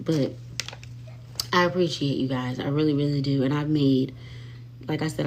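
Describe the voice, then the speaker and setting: A woman hosting a casual live stream from home on her phone, talking sassily straight to her viewers and swinging between loud and soft. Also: low-pitched, a little hiss or hum.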